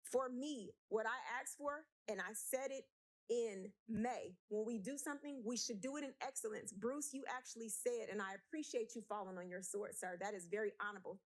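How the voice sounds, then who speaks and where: Councilwoman talking at a meeting, emotional and blunt, kinda high voice. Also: normal speed. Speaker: city councilwoman. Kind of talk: impassioned council meeting speech. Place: city council chamber.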